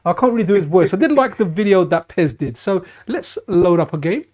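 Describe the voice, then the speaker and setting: A man's voice: high-pitched, lively intonation, brisk, a little mellow. A man chatting casually and enthusiastically while streaming retro games at a friend's house. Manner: chatty and enthusiastic, with frequent restarts. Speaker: streamer, channel host. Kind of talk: casual live-stream chat while gaming.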